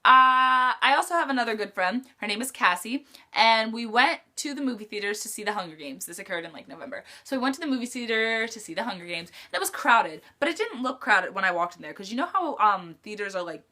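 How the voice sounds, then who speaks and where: A woman's voice: on the high side, expressive, quick pace, few pauses, bright, forceful tone. A teenage girl vlogging in a chatty storytime style, full of "like" fillers. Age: teens. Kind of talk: casual storytime chat.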